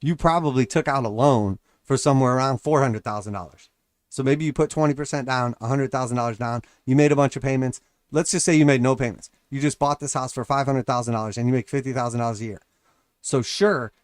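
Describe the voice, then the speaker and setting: A man's voice: mid-range voice, no room sound, clean studio sound. A man hosting a casual market livestream, talking in a loose, rambling way and acting out quoted voices. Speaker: crypto and stock market livestream host.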